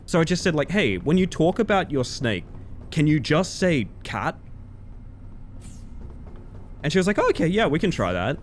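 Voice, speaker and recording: Lively, rambling male streamer. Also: a little high, normal speed, long pauses, a little hiss or hum. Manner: chatty, rambling, animated. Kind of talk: casual chat while gaming.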